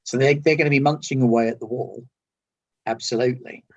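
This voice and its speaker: Husky man running a tabletop game. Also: mid-range voice, steady tone, a little fast, highs cut off. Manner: describing scenes patiently, reassuring the players. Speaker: game master.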